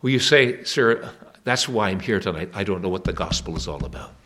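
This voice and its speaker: A man's voice: deep voice, expressive, a little fast, a bit bright. A man preaching an evangelistic sermon at a church meeting, earnest and urging, with emphatic questions to the listeners.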